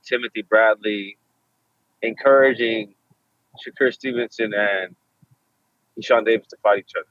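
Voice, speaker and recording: A man's voice: lowish voice, fairly even intonation, normal speed, long pauses, dry recording, muffled recording. A man co-hosting a boxing podcast, chatting crudely and joking, acting out quotes from other people. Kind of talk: casual boxing talk.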